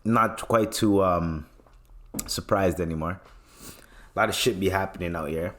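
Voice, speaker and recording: Chill young guy from canada doing a solo podcast, kinda low voice, loose and slangy, swears a lot. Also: normal speed, a bit bright. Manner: laid-back, swears often, slangy, rambling. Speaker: podcast host. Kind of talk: casual solo podcast talk.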